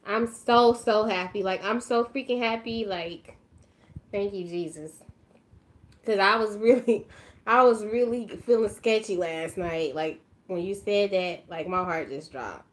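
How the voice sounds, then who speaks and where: A woman chatting casually while doing her makeup, emotional and effusive, now and then dropping to a quiet murmur as she concentrates. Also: medium pitch, measured pace. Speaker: beauty vlogger.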